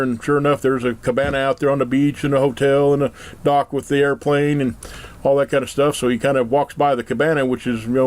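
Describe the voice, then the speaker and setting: A man telling a long, folksy joke story in a rambling, casual way. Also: mid-range voice. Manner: rambling, folksy, full of fillers.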